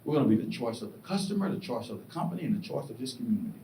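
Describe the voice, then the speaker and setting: A middle-aged man giving a motivational keynote, telling stories with lively acted-out voices and questions to the crowd. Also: rapid-fire. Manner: animated storytelling, acts out voices and asks the crowd questions. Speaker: keynote speaker. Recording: echoey hall, distant mic, faint rumble.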